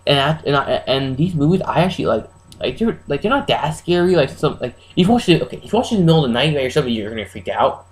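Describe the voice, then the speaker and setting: A man giving a casual, rambling, spoiler-heavy recap of a horror film as a reviewer, excitable and full of restarts. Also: fairly high pitch, quick pace, rough recording.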